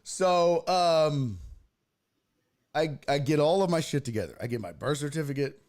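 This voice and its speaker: A man's voice: on the high side, lively intonation, moderate pace, a little mellow. A man from Texas, hosting a podcast and telling a story in a casual, profane, ranting way. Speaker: host.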